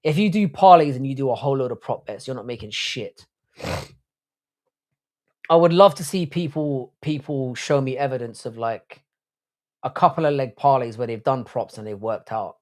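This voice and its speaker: A man's voice: mid-range voice, normal speed, a little mellow. A man hosting a casual livestream chat, rambling and swearing, often restarting his sentences. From Ireland. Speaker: podcast host.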